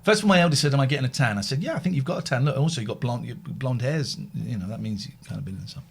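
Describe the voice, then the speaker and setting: A man's voice: mid-range voice, expressive, racing, gravelly, slight background noise. A middle-aged man hosting a live phone-in show, telling rambling anecdotes in a chatty way. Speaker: radio phone-in host. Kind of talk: casual live chat.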